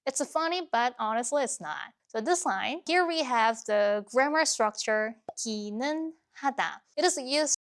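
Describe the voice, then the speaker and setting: A woman teaching Korean, explaining grammar and idioms clearly and patiently in a lesson-style narration. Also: on the high side, lively intonation, moderate pace, hardly any pauses.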